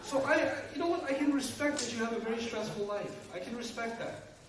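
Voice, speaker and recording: Man, high voice, lively joking lecturer, distant mic in a very echoey hall. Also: a little fast, crowd noise. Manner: animated, joking, acts out family scenes. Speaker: Islamic speaker. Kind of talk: lecture to an audience.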